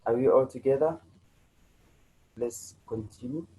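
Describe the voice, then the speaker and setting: Over a low-quality recording, a South African man with a medium-pitched, mellow voice teaches grammar online at a measured pace. His delivery is repetitive and full of restarts, and he checks in with his students as he goes, tossing in "right?" and "you know."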